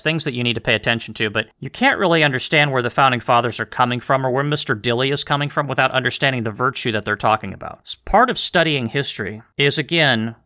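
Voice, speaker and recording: A man with a bright, forward voice leads a history study podcast. He talks earnestly and emphatically and often poses rhetorical questions to his listeners. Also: medium pitch. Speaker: podcast host leading a history study group. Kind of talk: explanatory podcast talk, reading historical letters.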